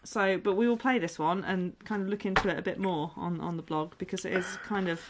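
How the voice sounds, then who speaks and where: A woman's voice: on the low side, brisk, noisy background. Chatty woman hosting a vlog. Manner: chatty, animated storyteller. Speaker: vlog host. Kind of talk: casual chat.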